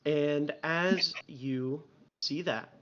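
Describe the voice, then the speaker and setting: A man's voice: on the high side, drawn-out words, fairly bright tone. A man narrating a live tabletop role-playing game as game master, in loose narration full of fillers. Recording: lo-fi stream audio.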